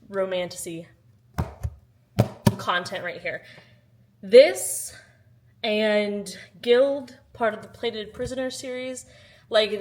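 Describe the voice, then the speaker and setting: A woman vlogging casually about books at home, chatty and animated, swinging between loud exclamations and quiet asides. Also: medium pitch. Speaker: book vlogger. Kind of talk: casual vlog chat. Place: at home, in her kitchen.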